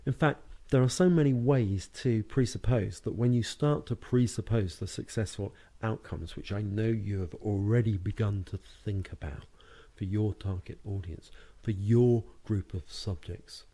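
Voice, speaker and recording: A British man narrating a lesson on hypnotic language patterns, speaking slowly and deliberately with hypnotic phrasing and words marked out by tone. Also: lowish voice, warm tone. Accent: British English. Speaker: hypnotherapy and NLP trainer. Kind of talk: recorded lesson narration over slides.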